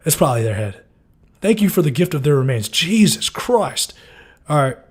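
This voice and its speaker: A man's voice: mid-range voice, expressive, fast, darkish tone, husky. A man giving a loose, casual breakdown of TV episodes, full of fillers and swearing. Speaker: TV show recapper.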